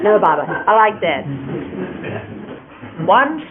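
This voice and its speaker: A woman's voice: medium pitch, crowd noise. Older woman on a tinny archive tape. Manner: gentle, unhurried, demonstrating gestures as she explains. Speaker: speaker recalling a spiritual teacher. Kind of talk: reminiscing explanation. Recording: lo-fi phone-like archive recording with faint hiss.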